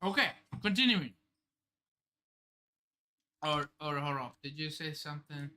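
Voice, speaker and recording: An animated man streams a live reaction to a new manga chapter, reading the panels aloud and breaking into excited, profane outbursts. His voice is bright and lively, swinging through a wide range, while his delivery stays unhurried and drawn out. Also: a little high. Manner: excitable, swears, narrates pages aloud.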